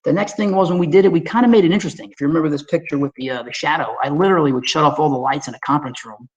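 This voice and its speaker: With a New York accent and a folksy, energetic delivery, this Staten Island man talks his audience through webinar slides directly. He speaks very fast in a higher register, and the recording sounds muffled.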